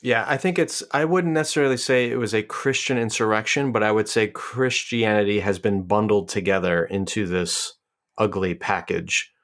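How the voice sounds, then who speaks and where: A man's voice: on the low side, normal speed, fairly bright tone. A man co-hosting a podcast panel, speaking in a thoughtful, plain way with frequent hesitations. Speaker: podcast co-host. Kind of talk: casual panel discussion.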